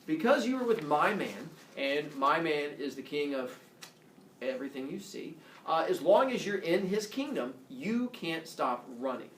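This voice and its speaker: A man voicing a jealous queen goddess in a low, scolding tone. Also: big pitch swings, measured pace, fairly bright tone. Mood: stern. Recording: echoey room, distant mic, noisy.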